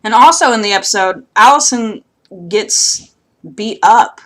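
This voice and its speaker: A woman's voice: fairly high pitch, measured pace, fairly bright tone. Young woman rambling thru a tv recap outside, swears a lot, tons of um and like. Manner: chatty, profane, rambling with many fillers. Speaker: TV recap vlogger. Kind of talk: casual recap chat. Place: outdoors.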